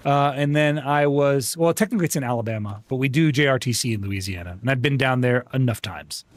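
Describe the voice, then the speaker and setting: A man streaming a game live, chatting casually and greeting viewers by name, with frequent restarts. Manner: rambling restarts, animated jumps in pitch. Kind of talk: casual live-stream chat while gaming.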